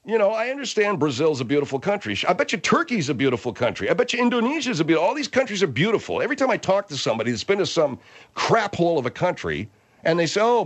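A brash male radio host on a comedic talk show, combative and quick to yell. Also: on the high side. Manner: brash, combative, bursts into yelling.

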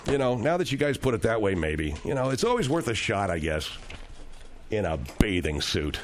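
A man's voice: lowish voice, sing-song, normal speed, a little hiss or hum. A man hosting a radio talk show, telling rambling, digressive stories with frequent restarts.

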